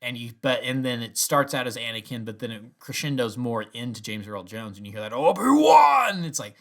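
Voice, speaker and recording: A young man giving a casual spoken review, animated and rambling, often restarting his sentences. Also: medium pitch, a little fast. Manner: acts out quoted lines in bursts. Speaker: video reviewer.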